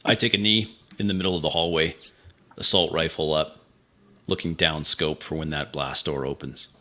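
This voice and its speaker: Brief: deep-voiced man with a hard, punchy tone calling out combat moves at the game table. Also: fairly even intonation, normal speed, pushed and bright. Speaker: player. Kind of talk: tabletop game play, narrating actions.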